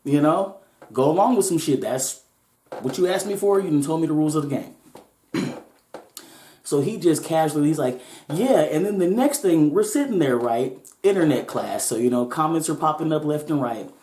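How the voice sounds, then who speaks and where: A woman's voice: deep voice, expressive, moderate pace, warm tone, slight background noise. Laid-back, profane woman storyteller. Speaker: podcast host. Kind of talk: casual storytelling. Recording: roomy echo.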